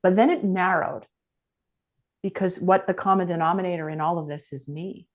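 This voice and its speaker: A woman's voice: lowish voice, fairly even intonation, normal speed. A middle-aged woman speaking as a guest on a podcast interview, earnest and reflective.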